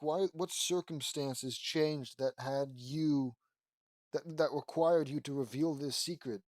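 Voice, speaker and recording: A man's voice: on the high side, dry recording, studio quality. A man reading fan fiction aloud as an audiobook, breaking off often for sarcastic, frustrated asides.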